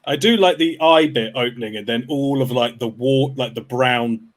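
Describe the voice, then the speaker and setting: A man's voice: mid-range voice, moderate pace. A man on a film podcast, casually retelling behind-the-scenes stories. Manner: anecdotal, retelling stories with quoted voices. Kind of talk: casual chat.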